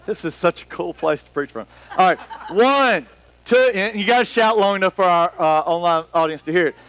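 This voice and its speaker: High-voiced, animated male preacher. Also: brisk, no echo. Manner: animated, rambling, acts out scenes. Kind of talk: sermon. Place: church hall with about a hundred people. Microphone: microphone.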